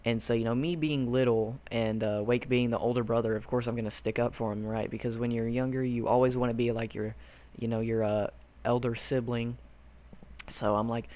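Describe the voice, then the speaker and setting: A man's voice: medium pitch, level tone, fairly quick, mellow. A young man from Arkansas telling a childhood story casually, rambling with lots of fillers and loose slang. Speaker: YouTube storyteller.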